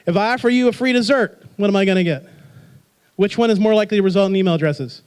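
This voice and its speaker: A man with a notably high voice presents a workshop to a live audience. He is energetic and playful, and he fires rhetorical questions at the room to keep people involved. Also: fast, clear, resonant tone.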